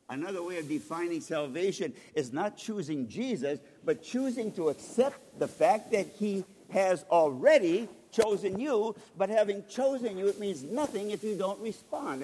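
A male pastor preaching a sermon, animated, acting out voices of the people he quotes. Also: sits high. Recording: reverberant hall, faint noise.

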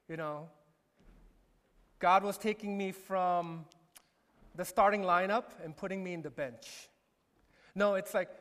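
A man's voice: high voice, a bit bright. A man, a pastor, preaching a conversational, self-deprecating sermon in a church. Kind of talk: sermon with personal story. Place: church sanctuary. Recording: echoey hall reverb.

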